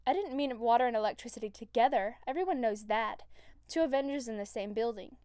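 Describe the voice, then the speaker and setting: A woman's voice: a little high, brisk, a little mellow, clean tone, dry recording, clean studio sound, natural voice. Easygoing, rambling male archer, read by a woman; offhand and casual.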